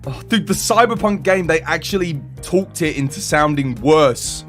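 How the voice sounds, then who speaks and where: A young British man chatting casually on a live stream, animated and laughing in exasperated banter. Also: fairly high pitch, moderate pace, faint music behind. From United Kingdom.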